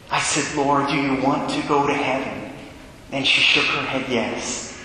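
A man who is a Catholic priest, telling a story in a sermon and acting out the dialogue with animated changes in his voice. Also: mid-range voice, normal speed, slight background noise. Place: church. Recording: echoey church hall.

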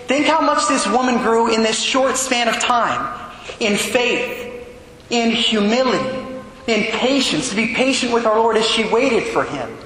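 A man's voice: extremely high pitch, lively intonation, a little slow, bright, forceful tone, a little hiss or hum. A man, a Catholic priest, reading the Gospel and then preaching a homily in a conversational, emphatic way, often asking the congregation "right?". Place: large echoing church. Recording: echoey church hall with long reverb.

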